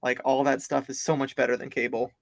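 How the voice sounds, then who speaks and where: A man's voice: mid-range voice, little pitch movement, fast talker, creaky. A man co-hosting a livestream, chatting casually in a rambling, amused way. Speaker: livestream co-host.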